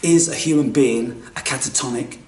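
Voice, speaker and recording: A man giving a spiritual monologue, theatrical and blunt, dropping to hushed whispers and rising to loud outbursts, and swearing casually. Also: mid-range voice, normal speed, background noise. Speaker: spiritual speaker. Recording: echoey room, mic far off.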